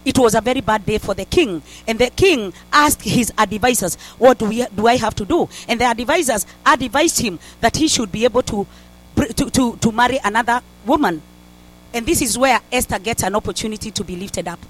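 A woman's voice: a little high, fairly quick, rough recording. A woman preaching a sermon, fervent and exhorting, often repeating a call to a holy name and restarting her phrases.

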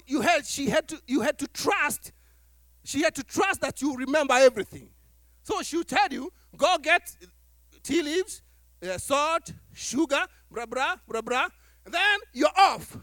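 This pastor's sermon comes through a dry, clean studio recording, his pitch extremely high. He preaches with animation, voicing mini-dialogues and laughing while he talks.

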